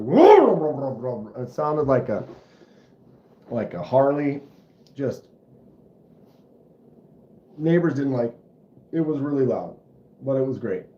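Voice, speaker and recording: A man hosting a casual livestream, chatting in a rambling, animated way and imitating engine noises as he tells stories. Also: mid-range voice. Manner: rambling, animated storyteller who mimics engine sounds. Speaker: livestream host. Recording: roomy, slightly dull home stream audio.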